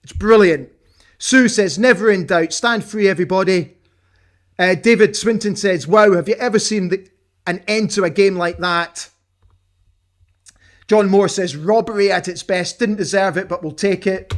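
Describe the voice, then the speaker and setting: A man's voice: sits high, normal speed. A middle-aged man hosting a football watch-along, commentating live and cheering on his team. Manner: excitable, shouts and cheers at big moments. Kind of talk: live match commentary and chat.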